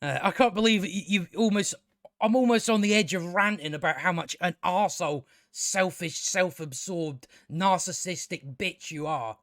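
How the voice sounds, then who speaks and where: A man's voice: high voice, normal speed, a bit bright, dry recording, clean studio sound. A man giving a casual spoken TV review, ranting with exasperation, stumbling over restarts and swearing.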